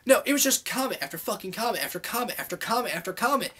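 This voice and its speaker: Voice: medium pitch, very animated, rapid-fire, fairly bright tone, husky. A vlogger delivering a heated, rambling monologue to camera, swearing constantly and full of filler words. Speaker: YouTube vlogger. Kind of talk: angry monologue rant to camera.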